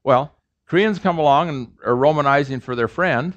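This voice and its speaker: Lecturing on pronunciation to a language class, a middle-aged male professor repeats sounds with emphasis to show how they're made. He talks at a moderate pace in a slightly high voice, and the audio sounds dull.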